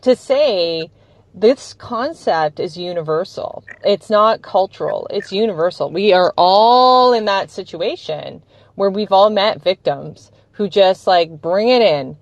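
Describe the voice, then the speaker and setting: Woman podcast host, enthusiastic casual chat, bright up-and-down pitch, dull dry sound. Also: expressive, moderate pace, dry recording. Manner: enthusiastic, laughs often, acts out quoted voices. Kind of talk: casual conversation.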